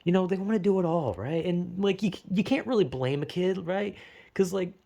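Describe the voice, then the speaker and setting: A young man delivering a loose, unscripted commentary, full of swearing and restarts. His voice sits a little higher than most men's, and he rambles between points with a casual, offhand manner. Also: lively intonation, normal speed, creaky, dark tone. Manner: profane, rambling, self-interrupting with laughs. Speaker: video essayist.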